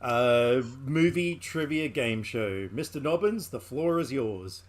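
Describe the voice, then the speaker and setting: A man's voice: mid-range voice, animated, slow. A man hosting a podcast in casual chat, joking and rambling and laughing often. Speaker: podcast host.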